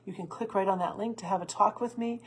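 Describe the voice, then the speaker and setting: A woman host giving earnest coaching advice in a solo talk, with restarts and soft laughs. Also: medium pitch, fairly even intonation, quick pace, slight background noise. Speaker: stress coach and podcast host.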